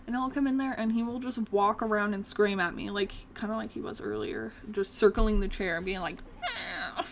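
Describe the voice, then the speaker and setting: A woman's voice: mid-range voice, fairly even intonation, fairly quick, creaky, a little hiss or hum. A young woman chatting casually through a gameplay session, often talking fondly to her cat. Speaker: gaming video creator.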